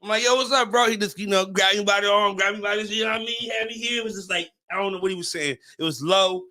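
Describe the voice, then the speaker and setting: High-voiced guy rambling thru a story, swearing nonstop, stumbles over his words, super bright sharp tone. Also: steady tone, quick pace. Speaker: podcast host. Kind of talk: casual storytelling.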